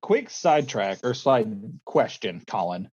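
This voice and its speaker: A man's voice: fairly low pitch, big pitch swings, unhurried, darkish tone, lo-fi sound. A young man, a teacher and coach, chatting casually on a podcast, rambling with lots of fillers and quoting people in playful voices. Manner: rambling with many fillers, acts out quoted voices. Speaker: podcast co-host, schoolteacher and coach. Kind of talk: casual storytelling chat.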